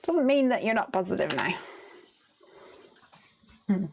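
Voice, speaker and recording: A woman's voice: medium pitch, sing-song, a little slow, a little mellow. A woman hosting a live card-making stream, chatting casually as she works, reading viewer comments aloud and laughing often. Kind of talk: casual chat while crafting.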